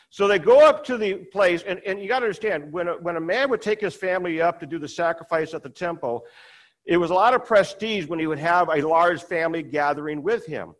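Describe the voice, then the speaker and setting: A man preaching a conversational sermon, retelling a scripture story and acting out the quoted lines. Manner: conversational, acts out quoted dialogue with rising pitch.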